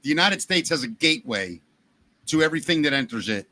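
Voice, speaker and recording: A man with a Baltimore accent hosting a podcast, telling jokey stories in a lively, animated way. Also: fairly high pitch, brisk. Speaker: podcast host. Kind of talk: casual chat.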